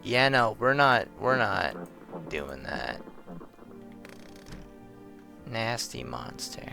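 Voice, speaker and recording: A young man playing a horror game, reading the on-screen text aloud and yelling and swearing when things go wrong. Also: mid-range voice, sing-song, measured pace, vocal fry, soft background music. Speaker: let's play gamer. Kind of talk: horror game playthrough commentary.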